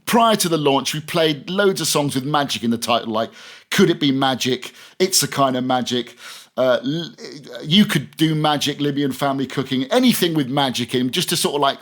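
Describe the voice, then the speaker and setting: A man's voice: mid-range voice, animated, normal speed. Man, radio veteran, casual storytelling, chatty, restarts, laughs along. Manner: chatty anecdotal, many restarts, laughs through stories. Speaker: radio presenter guest. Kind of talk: casual podcast interview storytelling.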